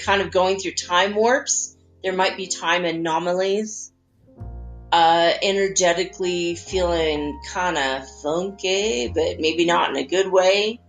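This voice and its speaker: A woman hosting a spiritual talk, chatting gently and guiding listeners through visualizations. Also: on the low side. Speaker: spiritual channel host. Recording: faint guitar music behind.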